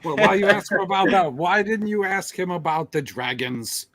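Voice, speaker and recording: A man's voice: high-pitched, moderate pace, fairly bright tone. A man co-hosting a casual chat show, teasing and joking with his co-hosts. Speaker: co-host.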